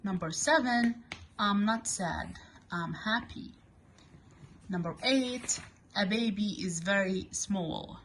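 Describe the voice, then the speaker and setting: A woman with Arabic as her first language teaches English to small children. Her pace is unhurried, with long pauses between words, and her pitch sits in the middle of the range. She repeats each word so beginners can follow along. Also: a bit bright, slight background noise.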